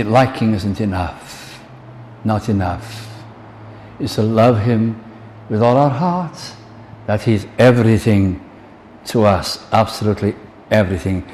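An older man preaches a sermon in a low voice, earnest and unhurried. He quotes hymn lines and acts out small scenes between people. His voice rings with the long reverb of a large hall over faint background ambience. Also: a little mellow, slight background noise.

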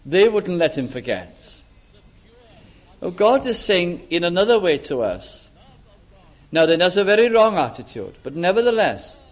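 Older male preacher, high voice, earnest questioning delivery with hushed emphasis. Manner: earnest, questioning, drops to a hush on key lines. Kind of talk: sermon.

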